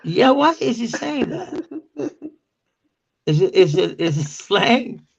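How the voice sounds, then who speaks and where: Man in his forties, Danish native speaker, live-stream chat, high gravelly voice, unhurried, laughs and curses, dull lo-fi audio. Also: big pitch swings. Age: 40s. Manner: laughs often, swears, mocks slang with loud high put-on quotes.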